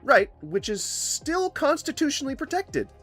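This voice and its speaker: A man giving casual video commentary, his voice swinging widely up and down as he jokes and rambles. Faint music sits softly under his talk. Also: very high-pitched, normal speed. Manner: animated, joking, rambling asides. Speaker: host reacting to videos.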